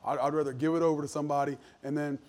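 A man's voice: on the high side, little pitch movement, rapid-fire, darkish tone. Earnest preacher in his forties. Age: 40s. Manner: earnest, emphatic, conversational preaching with repeated restarts. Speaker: pastor. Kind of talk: sermon.

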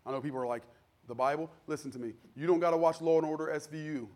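A man preaching a sermon in a conversational style, acting out the people in his stories and building to loud, fervent peaks. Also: fairly high pitch, very fast. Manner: conversational preaching, acts out quoted voices, builds to shouting. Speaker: pastor.

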